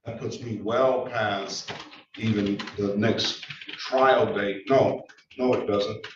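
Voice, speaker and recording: A man's voice: lowish voice, steady tone, slow pace, far from the mic. A man acting as a judge, lecturing a defendant sternly during a remote hearing. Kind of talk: courtroom hearing over video. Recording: echoey video-call audio from afar, dull and noisy.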